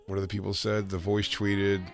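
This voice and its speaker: A man co-hosting a podcast, trading dark jokes in casual chat and laughing often. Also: on the low side, monotone, a little fast. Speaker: podcast co-host.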